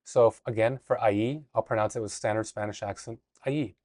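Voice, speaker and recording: A man hosting a casual language lesson video, talking in a relaxed way with fillers and restarts. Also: on the low side, fast, no echo, studio quality. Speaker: language teacher.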